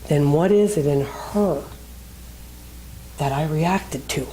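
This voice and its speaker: A woman's voice: low-pitched, slow, dark tone, slight background noise. A woman minister preaching in a conversational way, telling a personal story and acting out the people in it.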